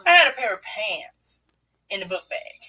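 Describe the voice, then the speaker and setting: A middle-aged woman hosts a casual podcast chat. Her voice is bright, with pitch in the middle range. She tells stories in a lively way, joking and laughing. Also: moderate pace, husky, rough recording. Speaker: podcast host.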